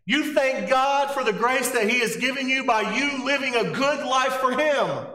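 A man's voice: very high-pitched, normal speed, bright, forceful tone. A man preaching a sermon, emphatic and conversational, with rhetorical questions. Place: church sanctuary. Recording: echoey church hall.

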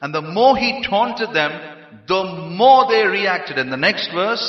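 A man from India preaching a sermon, emphatic and rising to shouts on key phrases. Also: high voice, animated, unhurried. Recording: roomy hall, dull lo-fi sound.

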